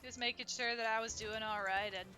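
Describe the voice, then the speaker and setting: A woman's voice: on the high side, steady tone, fast, bright, forceful tone. A young woman chatting casually and playfully while streaming a game, often giggling. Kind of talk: casual live-stream chat. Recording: game music in the background.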